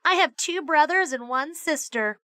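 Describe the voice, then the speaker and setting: A woman voicing eager little schoolchildren in a high, excited, chirpy manner. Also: moderate pace, no room sound, studio quality.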